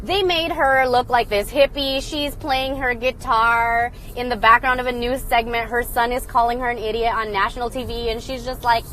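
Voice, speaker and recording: Young woman, high voice, animated, sarcastic, mocking, casual live stream commentary. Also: normal speed, few pauses, low-quality recording. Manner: loud and excited. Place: indoors, phone live stream. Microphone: phone.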